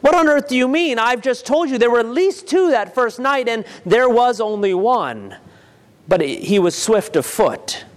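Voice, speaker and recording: A man's voice: very high voice, expressive, unhurried, voice pushed up. A man reading aloud and voicing a timid young boy who talks in anxious, pleading bursts. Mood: bewildered. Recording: long reverb.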